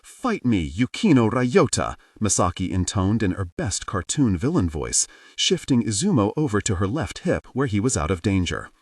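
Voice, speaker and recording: Low-voiced expressive audiobook narrator, man. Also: moderate pace, few pauses, no room sound. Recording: dry, slightly distant mic.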